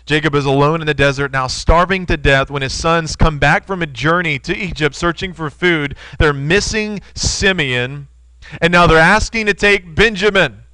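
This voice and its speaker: A man's voice: on the high side, normal speed, pushed and bright, clear, resonant tone, no room sound, low-quality recording. A man in his thirties preaching a sermon, earnest and storytelling, speaking to his listeners as friends.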